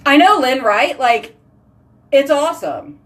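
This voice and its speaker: A woman's voice: high voice, expressive, a little slow, distant mic. A woman hosting a casual live video chat, telling giggly stories and answering viewer comments. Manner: chatty, giggly storytelling. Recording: voice slightly off-mic.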